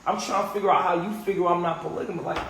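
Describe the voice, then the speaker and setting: Brief: man with a high voice, animated and profane, recorded in a roomy space with a faint hiss. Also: racing, gravelly. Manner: animated, profane, retells quotes. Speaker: podcast host. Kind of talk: heated casual group talk. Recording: roomy echo with faint noise.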